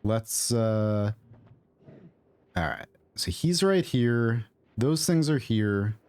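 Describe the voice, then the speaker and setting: A man with a fairly low voice gives loose, casual commentary while he plays, trailing off and thinking aloud. The sound is dry and close, with no room around it. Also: animated, drawn-out words, darkish tone, no echo. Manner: rambling, thinking aloud with fillers and mutters. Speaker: gaming streamer. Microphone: own microphone at desk.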